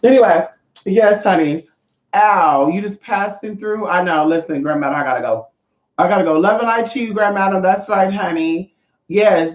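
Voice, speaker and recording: A man in his thirties chatting casually on a livestream, sassy and expressive. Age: 30s. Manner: sassy, expressive, swings pitch a lot. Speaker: livestream host. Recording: roomy dull lo-fi sound.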